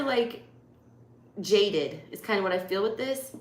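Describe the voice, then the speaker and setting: A woman's voice: mid-range voice, animated, a little slow, pauses often. A woman with a Southern US accent giving a live tarot reading in casual chat, blunt and swearing freely. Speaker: tarot reader. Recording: echoey room, faint background noise.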